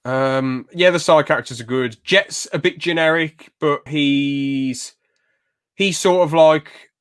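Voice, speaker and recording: A man's voice: on the high side, fairly bright tone, clear, resonant tone, no echo, studio quality. A man co-hosting a podcast, chatting casually and enthusiastically. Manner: chatty, enthusiastic, quick asides with brief put-on quotes. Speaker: podcast co-host. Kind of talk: casual chat.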